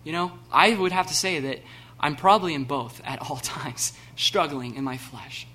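A man preaching a sermon, animated and laughing, acting out the scenes with sudden loud bursts. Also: fairly high pitch, moderate pace. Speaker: pastor.

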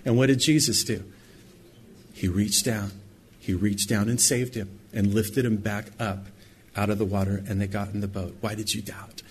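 A middle-aged man preaching a sermon, acting out quoted lines with sudden high, loud bursts. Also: steady tone, normal speed, a little hiss or hum. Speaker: pastor.

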